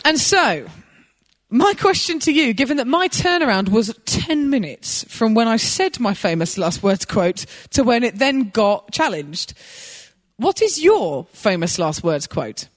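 A woman preaching a sermon, telling a personal story in an animated way and laughing as she goes. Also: fairly high pitch, unhurried, long reverb tail.

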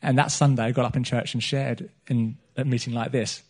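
A man's voice: medium pitch, fairly even intonation, a little fast, a little mellow. A middle-aged man, preaching a sermon in a church meeting and often restarting his phrases. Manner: earnest, repeats himself and restarts phrases.

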